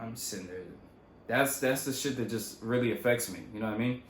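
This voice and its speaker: A man's voice: mid-range voice, a little fast, a little hiss or hum. Young man telling a story in an echoey room. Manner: loose, profane, animated retelling. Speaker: vlogger. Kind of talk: casual storytelling.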